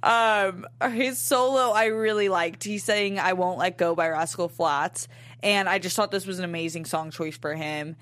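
A woman's voice: on the low side, moderate pace, a bit bright, dry recording. A young adult woman co-hosting a casual review podcast, chatty and upbeat, with plenty of fillers. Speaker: podcast co-host.

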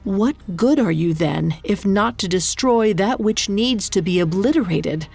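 A woman's voice: mid-range voice, lively intonation, unhurried, gravelly, darkish tone, husky, faint music behind, full character voice. A woman narrator voicing a stern primordial earth mother goddess, speaking in a grave, commanding way. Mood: cold.

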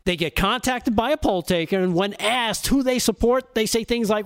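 A man with a high speaking voice delivers opinionated talk show commentary. He is sarcastic and keeps breaking into laughter at his own punchlines. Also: a little fast, few pauses, smooth. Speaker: segment contributor on a talk show.

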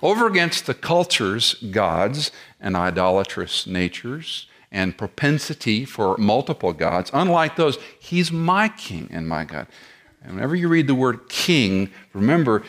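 Here a middle-aged pastor speaks at medium pitch with a fairly bright tone. Living with chronic back pain, he preaches expositorily, unpacking each verse and raising rhetorical questions.

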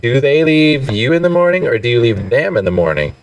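A mid-pitched man with a lively, up-and-down delivery, teasing his friends with dry, blunt remarks. He sounds far from the mic on a lo-fi recording. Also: fairly quick. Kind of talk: casual chat. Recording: distant, lo-fi podcast audio.

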